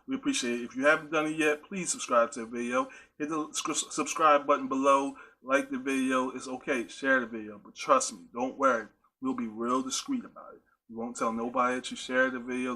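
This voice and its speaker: Fast-talking, bright-voiced male podcast host. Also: medium pitch. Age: adult with a high-school-age nephew. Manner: chatty, repetitive, addresses listeners directly; storytelling with playful asides. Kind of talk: casual monologue podcast.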